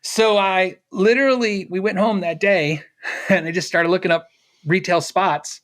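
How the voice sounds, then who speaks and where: A middle-aged man telling a story in a casual interview with a fairly high voice. He acts out every line of dialogue himself, full of fillers, restarts and quick laughs. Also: steady tone, fairly bright tone. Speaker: interview guest.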